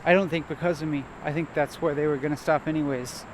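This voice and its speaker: Guy vlogging on a trail walk, kinda high voice, stops and restarts a lot, faint insect noise. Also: steady tone. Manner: halting, hesitant, repeats words. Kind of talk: rambling self-reflective monologue while walking. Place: outdoor nature trail.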